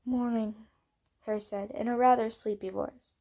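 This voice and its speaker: A woman's voice: mid-range voice, steady tone, measured pace, warm tone. A woman reading fan fiction aloud as an amateur audiobook, with small slips and self-corrections.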